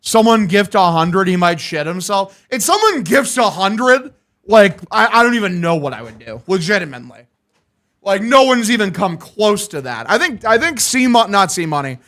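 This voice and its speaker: A young man streaming a game watch-along, calling the plays and excitedly thanking his chat, swearing freely. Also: sits high, normal speed. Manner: hyped, profane, thanking chat. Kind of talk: live watch-along play-by-play.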